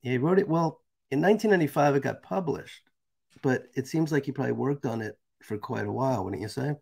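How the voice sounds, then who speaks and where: A man's voice: medium pitch, fast talker, gravelly, darkish tone, slightly rough. A man hosting a live stream, reading a text aloud and chatting casually with viewers. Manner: casual, chatty, asides to the chat.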